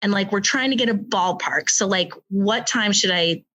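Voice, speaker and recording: A woman in her thirties with an American accent, telling her birth story in casual podcast chat, animated and laughing, full of fillers. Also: medium pitch, normal speed, a little hiss or hum. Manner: animated, many fillers, acts out quotes with laughter.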